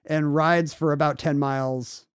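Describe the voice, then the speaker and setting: A man's voice: fairly high pitch, steady tone, a little slow, clean tone, no room sound, studio quality. Wry male podcast storyteller. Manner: wry storyteller, puts on silly voices for quotes. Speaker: podcast co-host. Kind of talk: casual chat.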